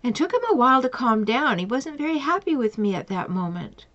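Female coach, emphatic advice monologue, slightly high voice, muffled lo-fi recording. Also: expressive, a little fast, a bit bright. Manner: emphatic, repeats pointed questions. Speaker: relationship coach. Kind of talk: advice monologue with retold client stories. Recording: dull lo-fi recording.

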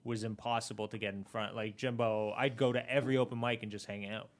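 A man, a comedian, telling animated, profane stories in casual podcast chat. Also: fairly low pitch, fast.

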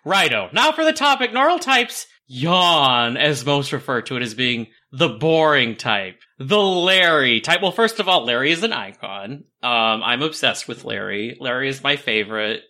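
A man's voice: medium pitch, expressive, normal speed, few pauses, bright, forceful tone. A man co-hosting a podcast in casual chat, reading listener emails aloud and laughing often. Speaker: podcast co-host.

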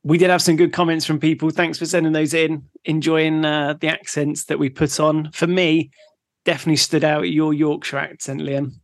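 A man from England co-hosting a podcast, chatting in a relaxed way and laughing easily while recapping facts. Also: fairly high pitch, moderate pace, dry recording, clean studio sound. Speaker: podcast co-host. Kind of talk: casual chat.

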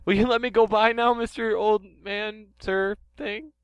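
Comic role: excitable professor-reporter voiced by a man, high, loud and slow. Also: clean tone, dry recording. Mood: flustered. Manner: excitable, exclaims in disbelief. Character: flustered young male professor reporting in the field. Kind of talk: improvised comedy sketch.

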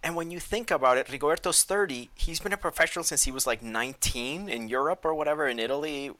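A man's voice: fairly high pitch, fast talker, bright, forceful tone. A man in casual podcast chat, telling stories with animation and acting out the dialogue he quotes.

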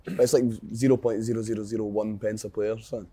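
A man's voice: lowish voice, flat delivery, fast talker, mellow, slightly rough, dry recording. A Scottish man talking casually and bluntly about working as a musician, with some swearing. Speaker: musician guest. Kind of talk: casual chat.

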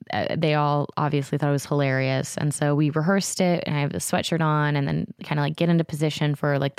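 A woman in her thirties hosting a podcast, telling a story in a chatty, animated way with lots of fillers and acted-out quotes. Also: deep voice, smooth, dry recording, clean studio sound. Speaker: podcast host. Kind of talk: casual storytelling chat.

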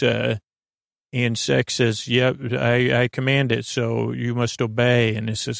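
A man hosting a sleep podcast, retelling a TV episode in a low-key, drowsy ramble full of ums, likes and restarts. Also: little pitch movement, moderate pace, creaky, dry recording, clean studio sound. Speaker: podcast host.

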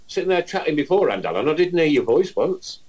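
A husky-voiced man hosts a casual football fan podcast, his pitch rising and falling in animated swings. He talks loosely and chattily, laughing often and filling gaps with ums and uhs. The sound is natural and conversational. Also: fast, low-quality recording. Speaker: podcast host.

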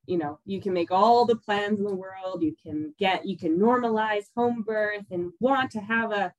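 A woman speaking as a podcast guest in relaxed conversation. She laughs easily and trails off with "um" and "you know" as she talks. The recording is close and dry, with no room sound. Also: medium pitch, moderate pace, dry recording, low-quality recording. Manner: laughs often, trails off with fillers. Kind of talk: casual conversation.

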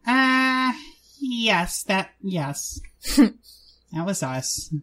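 A woman playing a tabletop game in character, hesitant and halting with many fillers. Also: medium pitch, big pitch swings, bright, forceful tone. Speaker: player. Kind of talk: in-character tabletop role-play.

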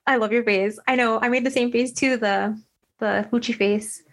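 A young woman co-hosting a podcast, telling a story in an animated, slangy way with lots of "like" into a desk microphone. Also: on the high side, normal speed. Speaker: podcast co-host. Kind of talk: casual chat.

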